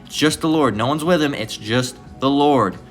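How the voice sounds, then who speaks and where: A man's voice: mid-range voice, moderate pace, soft background music. A man giving an informal, rambling scripture lesson, swearing freely and ending many lines with "all right?". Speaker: preacher.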